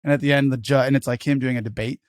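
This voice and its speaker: A man's voice: medium pitch, steady tone, very fast, no echo, clean studio sound. A man co-hosting a casual podcast, rambling and joking with casual swearing. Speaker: podcast co-host.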